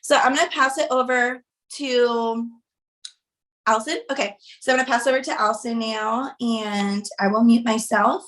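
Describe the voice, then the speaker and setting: A woman's voice: fairly high pitch, steady tone, moderate pace, fairly bright tone, rough recording. A woman co-hosting a livestream, giving direct, encouraging motivational talk to her audience.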